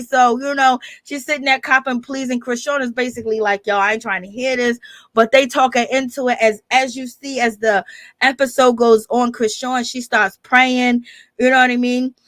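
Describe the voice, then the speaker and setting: A woman's voice: sits high, fairly even intonation, moderate pace, a bit bright, no room sound. Chatty gossiping woman, dry close sound. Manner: chatty, gossipy, lots of filler phrases. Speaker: reality TV recap vlogger. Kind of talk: casual recap commentary.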